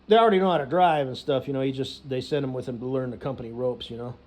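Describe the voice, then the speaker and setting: A man's voice: medium pitch, fast, a little mellow. A man telling a rambling, profane story, filling it with "you know" and laughs. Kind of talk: rambling casual rant.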